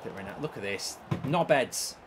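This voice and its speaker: Animated, sweary man ranting through a game. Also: on the low side, fairly quick, background noise. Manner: reads and answers viewer chat. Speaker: gaming streamer. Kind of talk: live game commentary.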